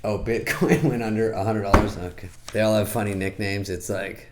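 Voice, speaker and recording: Deadpan, low-voiced middle-aged man. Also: a little fast, hardly any pauses, slight background noise. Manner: deadpan, sarcastic, jumps into squeaky put-on voices. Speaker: comedian reviewing a movie. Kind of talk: casual comic monologue.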